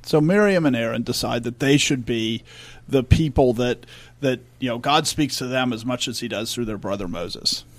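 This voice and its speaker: A man's voice: mid-range voice, normal speed. A man co-hosting a church discussion podcast, speaking earnestly and emphatically. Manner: earnest, emphatic, reads scripture aloud. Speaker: podcast co-host.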